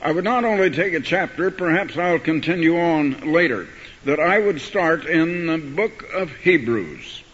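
A man preaching a sermon, telling a story and reading scripture, building to forceful emphasis on key words. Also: fairly high pitch, lively intonation, a little slow. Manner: rising to forceful emphasis when quoting scripture. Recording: dull archival recording in a hall.

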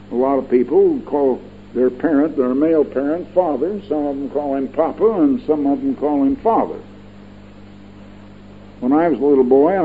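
Older male radio preacher, fairly high-pitched, folksy and digressive, emphatic repeats; tinny lo-fi broadcast sound. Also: a little hiss or hum. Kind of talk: radio Bible-teaching sermon.

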